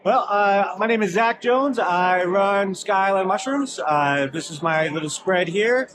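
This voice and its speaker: A man vendor chatting casually at an expo booth, relaxed with many fillers. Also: high-pitched, unhurried. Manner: relaxed, listing things with fillers. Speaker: mushroom farmer vendor. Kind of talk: casual interview. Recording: loud crowd behind.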